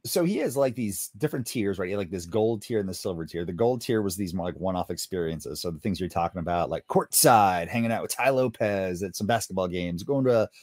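Lively low-voiced male co-host. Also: fairly quick, few pauses, no echo, studio quality. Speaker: podcast co-host. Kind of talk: casual chat.

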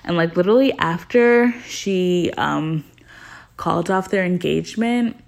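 A woman's voice: lowish voice, measured pace, creaky. A woman hosting a podcast in casual chat, gossipy and chatty, with lots of filler words. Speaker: podcast host.

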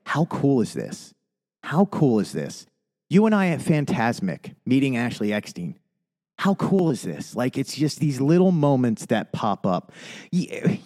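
A man's voice: mid-range voice, a little mellow. A man co-hosting a podcast, speaking in a heartfelt, rambling way and restarting his sentences when he gets emotional. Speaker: podcast co-host. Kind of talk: casual podcast chat.

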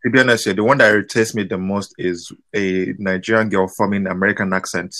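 Lower-voiced man teasing in chat. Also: fairly even intonation, quick pace, very noisy. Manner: teasing, joking. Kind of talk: casual chat.

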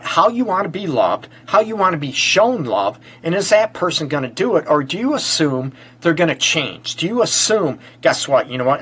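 A man hosting a live-streamed relationship advice show, hoarse and stuffy from a cold, chatting loosely with lots of fillers and greeting viewers. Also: on the high side, a bit bright. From Michigan. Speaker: relationship counselor and show host.

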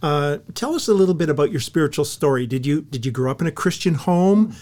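A man's voice: on the high side, animated, fast, darkish tone. A man hosting a church podcast, introducing the episode and interviewing a guest in an earnest manner with many uhs. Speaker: podcast host and church ministry director.

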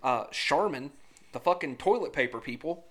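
A woman in her thirties, chatting casually on a podcast and telling profane, animated stories full of acted-out voices. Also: low voice, normal speed. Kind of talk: casual chat.

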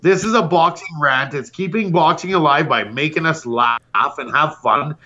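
A man's voice: on the high side, normal speed, few pauses, pushed and bright, muffled recording. A man hosting a podcast, delivering a brash, profane comedic roast rant. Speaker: podcast host.

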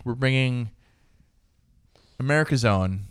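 A man's voice: mid-range voice, a little slow, fairly bright tone, clear, resonant tone, dry recording. A man co-hosting a comedy podcast, chatting casually and laughing often between jokes. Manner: laughs often, puts on brash voices for bits. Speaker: podcast co-host.

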